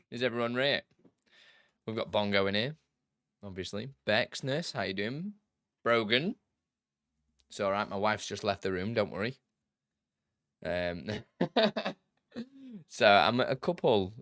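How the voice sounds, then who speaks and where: A young man hosting a relaxed live stream, chatting with his viewers and laughing easily between questions. His voice sits a little low and sounds dry and close, with no room around it. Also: dry recording. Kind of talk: casual live-stream chat.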